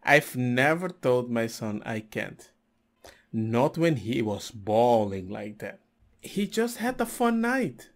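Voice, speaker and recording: Reaction host, man, middle pitch, indignant and sarcastic commentary. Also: very animated, slow.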